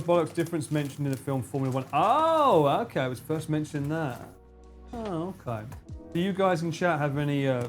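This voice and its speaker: Chatty Essex man over faint music. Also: medium pitch. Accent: Essex English. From England. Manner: animated, swearing, slips into broad slang. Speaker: streamer. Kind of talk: casual chat with a co-host and live chat.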